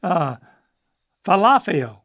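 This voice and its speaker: A man's voice: sits high, sing-song, slow pace, fairly bright tone, dry recording, clean studio sound. An older man, co-hosting a casual chat and stumbling hesitantly over unfamiliar words. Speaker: podcast co-host, the father.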